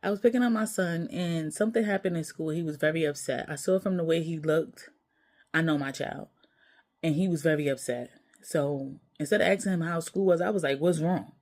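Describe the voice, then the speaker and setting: Low-voiced mother telling a blunt story. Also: a little fast, darkish tone. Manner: emotional, blunt, swears casually. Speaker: mother and vlogger. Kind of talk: candid personal storytelling.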